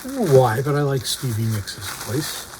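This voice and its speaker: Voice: mid-range voice, very animated, normal speed, noisy background. A record collector casually talking through an unboxing, reading out record titles with brief remarks on each.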